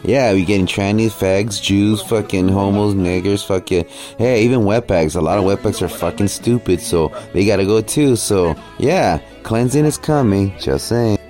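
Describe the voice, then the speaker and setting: Man, commentary host, crude sneering rants, lowish voice, faint music. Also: moderate pace, dark tone. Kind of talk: profane commentary over clips.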